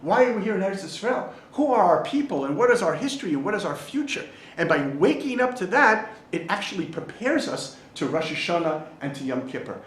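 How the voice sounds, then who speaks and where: A man's voice: on the high side, reverberant, a little hiss or hum. A man, a rabbi, teaching a Torah class to a group and telling jokes and stories along the way. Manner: animated storyteller, tells jokes and acts out voices. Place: study hall in Jerusalem.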